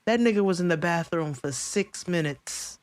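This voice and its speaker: A woman co-hosting a podcast, telling an animated story in casual chat, laughing often and swearing freely. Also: fairly low pitch, normal speed, dry recording. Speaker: podcast co-host.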